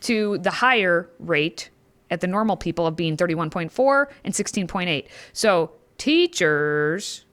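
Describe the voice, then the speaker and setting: A woman's voice: lowish voice, expressive, unhurried, fairly bright tone. A woman co-hosting a political talk show, reading news with sarcastic asides and playful sound effects. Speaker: co-host.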